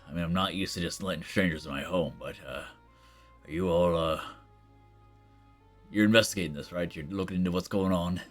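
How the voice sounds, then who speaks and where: A man voicing a gruff, weary half-orc sailor who talks in a halting, apologetic way. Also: sits low, steady tone, natural voice. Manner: halting, apologetic, worn-down talk. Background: faint background music.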